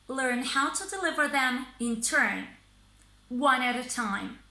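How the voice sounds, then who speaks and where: A woman teaching English in a scripted lesson, speaking slowly and deliberately and pausing between phrases. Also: high voice, sharp tone, roomy sound, rough recording. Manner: slow, deliberate, pausing by thought groups.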